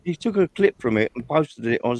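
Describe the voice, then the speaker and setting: A man from England chatting casually on a livestream in a relaxed, agreeable way, fond of recalling old stories. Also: mid-range voice, brisk, dry recording. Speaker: livestream co-host. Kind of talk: casual chat.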